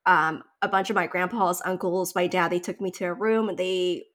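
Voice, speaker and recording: A woman's voice: on the low side, moderate pace. Chatty woman telling a story. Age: 30s. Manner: animated storytelling, many likes and you-knows. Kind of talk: casual chat.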